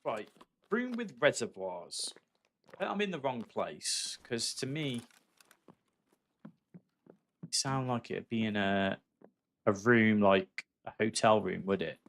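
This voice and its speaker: A man's voice: on the low side, lively intonation, slow, creaky, pauses often, a little hiss or hum. A man chatting candidly and casually as he livestreams a game, swearing freely and calling his viewers mate. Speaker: gaming livestreamer. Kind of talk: casual live-stream chat while playing.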